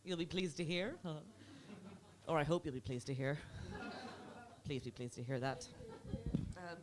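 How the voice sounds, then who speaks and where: Performing stand-up in a club, this young Belfast woman from Northern Ireland keeps a moderate pace, with slight background noise behind her. Her style is chatty, teasing and self-deprecating, punctuated by sudden high, put-on voices.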